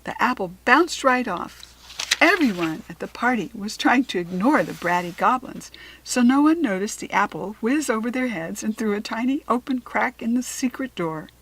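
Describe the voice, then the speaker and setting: A woman reading a children's storybook aloud, slow, clear and expressive. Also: on the high side, poor audio. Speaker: storybook reader.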